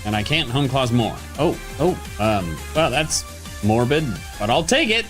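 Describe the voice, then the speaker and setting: A woman streamer commentating her gameplay casually, dropping to low mutters and jumping to high excited yelps. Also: a little slow, soft background music. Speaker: game streamer.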